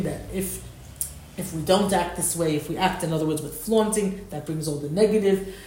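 A woman giving an animated Torah lesson, quoting Hebrew texts and explaining them with rising emphasis. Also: medium pitch, echoey room. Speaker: Torah teacher. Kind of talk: lecture.

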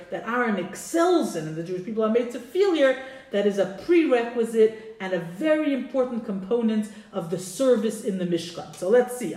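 A woman's voice: on the high side, darkish tone. A woman teaching a Torah class, who reads Hebrew lines from a text and translates them with informal asides. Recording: roomy echo.

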